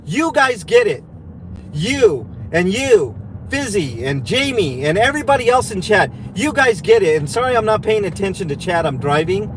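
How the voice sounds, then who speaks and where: Guy ranting mad in his car, highish voice, sarcastic and swearing, faint car noise. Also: big pitch swings, moderate pace, low-quality recording. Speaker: livestreamer. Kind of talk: angry livestream rant. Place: in a car while driving.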